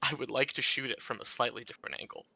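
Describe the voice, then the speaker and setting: Bright-voiced man playing a tabletop game. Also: medium pitch, steady tone, quick pace, no room sound. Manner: thinking aloud, hesitant restarts. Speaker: player. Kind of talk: casual tabletop game play.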